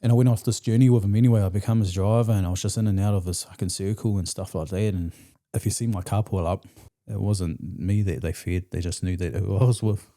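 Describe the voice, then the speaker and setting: Kiwi guy on a podcast, low dark voice, blunt and sweary, just telling it straight. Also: fairly even intonation, quick pace, hardly any pauses. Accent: New Zealand. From New Zealand. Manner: blunt, profane, slangy. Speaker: podcast guest. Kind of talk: candid storytelling in conversation.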